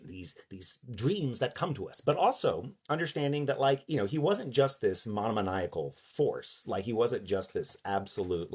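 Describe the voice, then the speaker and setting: A man giving a casual lecture, halting and animated, slipping into character voices. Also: on the low side, slightly rough.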